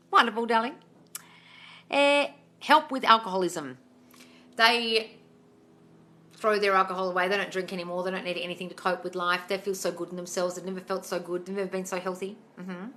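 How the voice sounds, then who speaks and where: A woman's voice: lowish voice, fairly even intonation, fairly quick, bright, forceful tone. A young woman hosting a casual live Q&A on manifesting. She reads viewer comments aloud and answers them frankly, with swearing, and calls everyone darling.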